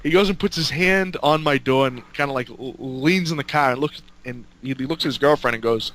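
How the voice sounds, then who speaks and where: A man tells a raucous road story in loose, casual chat. His voice is bright and forceful, and curse words come thick and fast as he acts out each person's lines. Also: mid-range voice. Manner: excited, swears constantly, acts out quotes. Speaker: storyteller guest.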